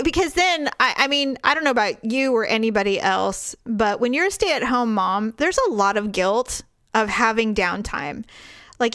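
A woman's voice: a little high, a bit bright, clear, resonant tone. A middle-aged woman hosting a podcast, telling a story in casual chat, acting out quoted voices, swearing and laughing. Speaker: podcast host.

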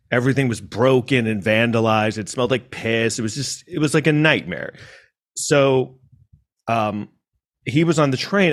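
A man from New York City telling a personal story in a casual monologue, rambling with restarts and asides. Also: fairly low pitch.

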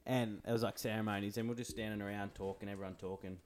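A man's voice: lowish voice, level tone, fast. A young man, a laid-back podcast co-host in casual chat. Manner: laid-back, laughing, short replies.

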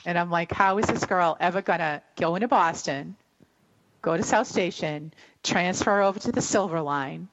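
A woman's voice: fairly low pitch, moderate pace, dull audio, slight background noise. A middle-aged woman telling a long story on a radio show, rambling and emotional, with many fillers and restarts.

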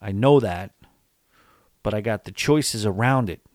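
A man's voice: fairly low pitch, measured pace, a little mellow, no echo, studio quality. A man hosting a podcast, chatting casually and rambling with lots of fillers late at night while tired and yawning. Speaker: podcast host. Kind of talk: casual solo podcast chat.

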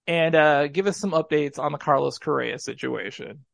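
Male podcast host, gravelly voice, dry close sound, talks in rambling bursts. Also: a little high, normal speed, no room sound. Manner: rambling, excitable. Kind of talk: casual sports podcast chat.

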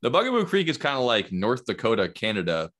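A man co-hosting a casual podcast chat, talkative and quick to laugh. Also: mid-range voice, wildly swooping pitch, fairly bright tone. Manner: chatty, laughs easily. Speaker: podcast co-host.

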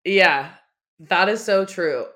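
A woman's voice: fairly low pitch, takes it slowly, fairly bright tone. A woman hosting a podcast, chatting casually and animatedly about reality TV gossip, laughing often. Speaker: podcast host. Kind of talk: casual chat.

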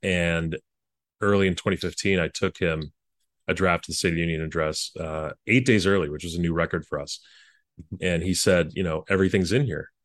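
Male guest, low-pitched, earnest and halting, recounting memories in a dry, close recording. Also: fairly even intonation, a bit bright, no echo. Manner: earnest, halting with frequent restarts. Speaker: former presidential speechwriter. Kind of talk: reflective interview storytelling.

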